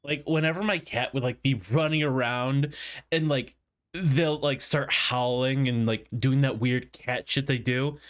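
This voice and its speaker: A man's voice: medium pitch, moderate pace. A young man chatting casually over gameplay as a streamer, rambling and playful with frequent swearing.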